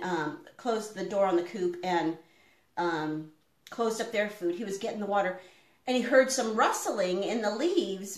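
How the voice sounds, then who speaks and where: A middle-aged woman chatting casually on a live stream while she cooks in her home kitchen. She rambles, with plenty of fillers. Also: mid-range voice. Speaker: homestead vlogger. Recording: echoey room.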